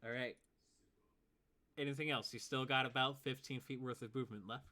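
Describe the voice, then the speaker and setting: A man's voice: medium pitch, steady tone, fairly quick, sharp tone. A man narrating as game master of a tabletop game, laid-back, chuckling and counting out movement.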